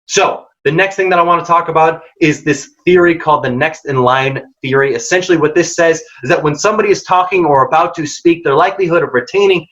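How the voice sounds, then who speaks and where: A man's voice: a little high, fast, hardly any pauses, fairly bright tone. Emphatic man giving career tips. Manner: direct, emphatic, acts out quoted dialogue. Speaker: workshop presenter. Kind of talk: career advice lecture. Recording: dull lo-fi audio.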